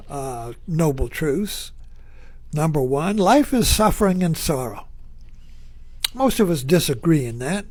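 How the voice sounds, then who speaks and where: Male Zen teacher, unhurried, raised rhetorical questions, dry close sound. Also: sits high, darkish tone, no echo. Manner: poses rhetorical questions, repeats phrases. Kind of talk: reflective spiritual talk.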